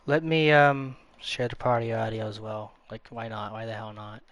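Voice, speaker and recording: A man's voice: on the low side, flat delivery, fairly bright tone, dry recording. A man chatting casually as a guest co-player on a gaming stream, boastful and joking. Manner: boastful, joking, quick banter.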